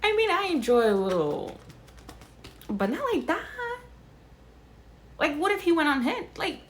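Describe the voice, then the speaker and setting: A young woman hosting a reaction video, chatting casually, blunt and expressive, swearing freely. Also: sits high, a little slow, a little hiss or hum.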